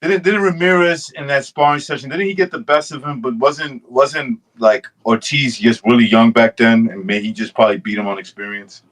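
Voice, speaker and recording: A man co-hosting a casual podcast who chimes in with relaxed, agreeable remarks in loose phrasing. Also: medium pitch, normal speed, hardly any pauses. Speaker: podcast co-host.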